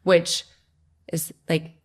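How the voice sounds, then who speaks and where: A young woman, a podcast guest, telling her personal story in a lively, conversational way. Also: very slow. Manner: animated storytelling, acts out her own past voice.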